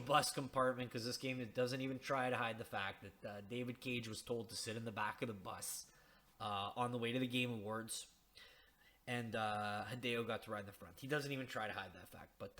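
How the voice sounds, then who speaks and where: A man's voice: mid-range voice, fairly bright tone. A man casually discussing a video game in a sarcastic, mocking way, rambling with many restarts and the odd swear word.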